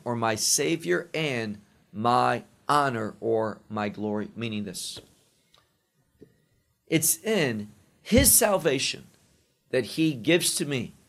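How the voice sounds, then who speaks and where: A man preaching a sermon, teaching slowly through a psalm and dwelling emphatically on each quoted verse. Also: mid-range voice, creaky, a bit bright.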